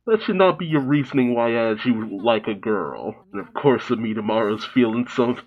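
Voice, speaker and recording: A man's voice: mid-range voice, highs cut off. A man hosting an anime reaction, joking, swearing and laughing often as he mock-quotes the characters. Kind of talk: casual reaction commentary.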